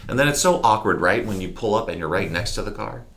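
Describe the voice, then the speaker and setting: Interview guest, male, very deep voice, candid reflective storyteller, animated delivery. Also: fast talker, gravelly, slight background noise. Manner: candid, animated, mimics horn sounds.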